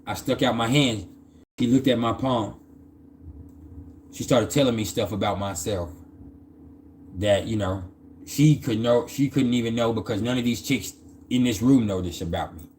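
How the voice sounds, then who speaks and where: A man's voice: mid-range voice, moderate pace, pauses often, darkish tone, a little hiss or hum. Male storyteller, mid-range voice, casual, slangy and cussing, lots of stammered restarts. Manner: loose, slangy and profane, with frequent stammered restarts.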